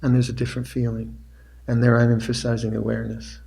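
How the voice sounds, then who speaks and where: An older man teaching meditation on a retreat. He speaks in a measured, mid-pitched voice, taking his time, with pauses and restarts as he works through his thoughts. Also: monotone, vocal fry, dark tone. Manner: slow, reflective, with pauses and restarts. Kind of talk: dharma talk with meditation instructions.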